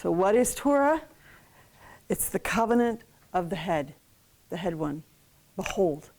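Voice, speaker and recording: Lady co-teaching, kinda halting and earnest, walking through words at the board. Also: fairly low pitch, lively intonation, darkish tone. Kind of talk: explaining at a whiteboard.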